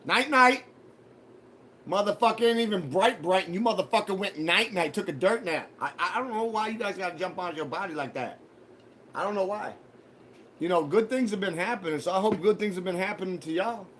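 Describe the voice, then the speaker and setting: A man's voice: sits high, fairly quick, slight background noise. A man hosting a casual live stream, rambling to his viewers with profane, mock-threatening banter. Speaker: livestream host.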